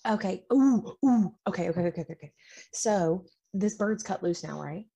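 Gravelly, husky-voiced woman player. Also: lowish voice, animated, moderate pace, warm tone, dull audio. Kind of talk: playing a tabletop game.

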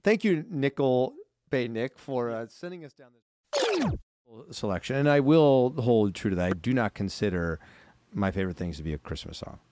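A man's voice: medium pitch, normal speed, no room sound, clean studio sound. A man from California, a podcast co-host, telling stories in a casual chat, full of fillers. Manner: animated storyteller, many fillers.

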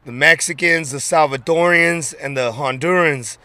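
A man's voice: fairly high pitch, moderate pace, sharp tone, dry recording. A man from San Francisco telling stories as an interview guest, laid-back and streetwise, with plenty of slang and swearing. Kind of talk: casual storytelling interview.

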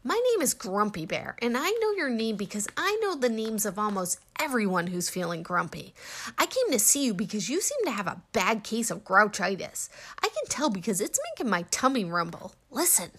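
A woman voicing a small grumpy male blue bear in a storybook reading, with a slightly gruff, gently reassuring voice. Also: mid-range voice, sing-song, moderate pace. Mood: kindly gruff.

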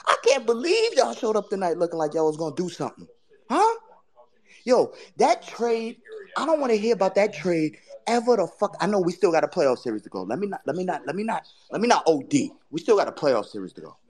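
A woman hosting a sports podcast, ranting in casual talk with profane, taunting trash talk that swings between loud jabs and low mutters. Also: very animated, a little fast. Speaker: podcast host.

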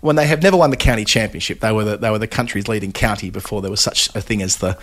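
A man's voice: on the low side, very fast, a bit bright. A man co-hosting a podcast, chatting casually about cricket results with lots of asides. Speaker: podcast co-host.

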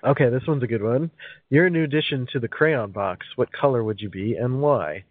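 A man's voice: mid-range voice, a little fast, dry recording. A man hosting a podcast in a playful, jokey casual chat. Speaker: podcast host. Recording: dry, phone-like sound.

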